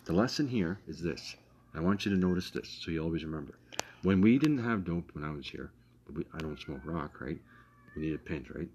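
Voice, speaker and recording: A man's voice: a bass voice, expressive, brisk, a little mellow. A man lecturing insistently in a heated casual argument, swearing as he talks. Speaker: friend in conversation. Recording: muffled lo-fi recording with faint noise.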